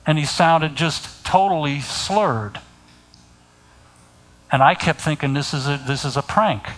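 Slow, deliberate preaching man. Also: a little high, a bit bright, rough recording. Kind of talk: sermon.

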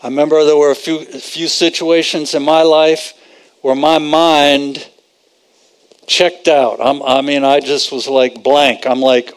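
Conversational preacher man, fairly high voice. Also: flat delivery, measured pace, clean tone. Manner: conversational, repeats phrases for emphasis. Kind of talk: sermon.

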